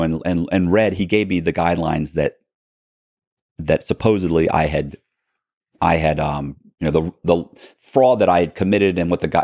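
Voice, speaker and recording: Deep-voiced man telling a story. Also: dark tone, dry recording, clean studio sound. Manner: rambling, frequent restarts, acts out quoted dialogue. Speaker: podcast guest. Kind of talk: casual storytelling in a long interview.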